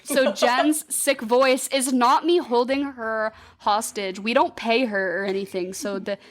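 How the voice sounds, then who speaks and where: A woman with a slightly high voice co-hosts a casual podcast. She is animated and laughs often, teasing herself along the way. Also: measured pace. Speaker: podcast co-host. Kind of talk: casual chat.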